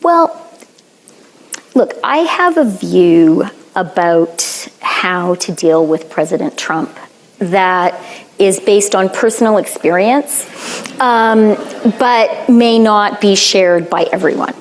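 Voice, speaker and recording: A Canadian woman in her fifties giving a public lecture, earnest and measured, pausing often with fillers. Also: mid-range voice, animated, a little hiss or hum. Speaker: guest lecturer. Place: lecture hall.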